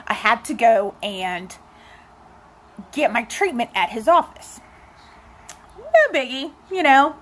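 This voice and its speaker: A woman's voice: fairly high pitch, a bit bright. A young woman chatting casually to her viewers, telling a personal story with lots of asides. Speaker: vlogger.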